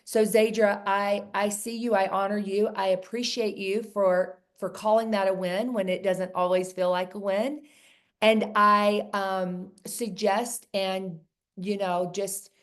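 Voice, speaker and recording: A woman coaching a group of women on a video call, earnest and encouraging, often repeating phrases for emphasis. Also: medium pitch. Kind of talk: casual coaching talk.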